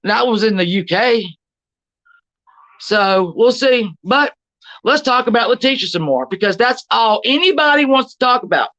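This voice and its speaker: A woman's voice: fairly high pitch, animated, moderate pace, a bit bright. A woman hosting a livestream, ranting bluntly with lots of swearing and greeting viewers in the chat. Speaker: livestream host. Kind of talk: casual livestream commentary. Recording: dull lo-fi stream audio.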